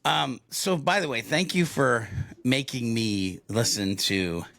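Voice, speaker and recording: Middle-aged male podcast co-host, earnest and reflective, unhurried delivery, crisp dry close-mic sound. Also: medium pitch, a bit bright, dry recording. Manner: earnest, reflective, builds to emphatic thanks. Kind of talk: casual conversational podcast. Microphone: video podcast camera with close mic.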